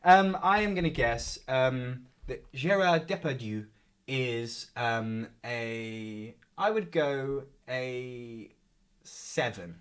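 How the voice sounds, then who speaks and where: A man's voice: mid-range voice, slow, fairly bright tone. A young man co-hosting a live game show stream, joking around and reading viewer comments aloud.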